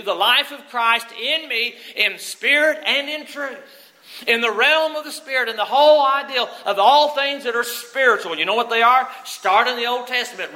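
A man's voice: very high-pitched, pushed and bright, rough recording. A middle-aged man preaching a sermon as pastor, earnest and full of questions to the congregation. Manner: earnest, asks many questions.

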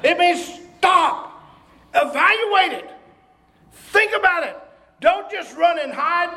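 A man preaching a sermon as a visiting preacher, emphatic and breaking into shouts. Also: extremely high pitch, expressive, takes it slowly, pauses often. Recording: echoey room.

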